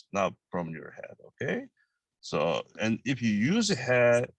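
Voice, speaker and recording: A native Korean speaker with a Korean accent teaches a language lesson in halting English, repeating each phrase slowly. His voice is deep and creaky, with no echo.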